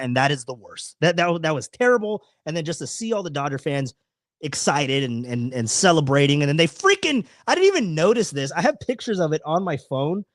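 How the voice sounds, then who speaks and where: Male stream host, fairly high voice, rambling and animated, swears, dry close sound. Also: dry recording. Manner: rambling, animated, swears freely, many restarts. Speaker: podcast host. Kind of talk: casual live-stream chat.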